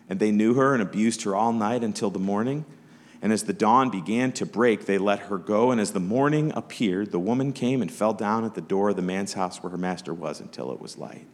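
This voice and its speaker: A man's voice: on the low side, brisk. Man, pastor, conversational sermon, voices characters in the story. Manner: conversational preaching, acts out voices of Bible characters. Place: church.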